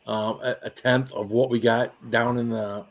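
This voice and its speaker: A man's voice: medium pitch, flat delivery, unhurried. A man chatting on a livestream, playfully ribbing the others and repeating himself for laughs. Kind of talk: casual livestream chat.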